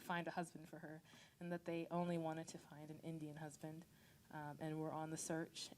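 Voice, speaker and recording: A woman's voice: lowish voice, slight background noise. Chatty woman introducing a song on stage. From Nigerian family, raised in the United States. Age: 30s. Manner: chatty and self-deprecating, many fillers, laughs easily. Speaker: singer-songwriter performing live.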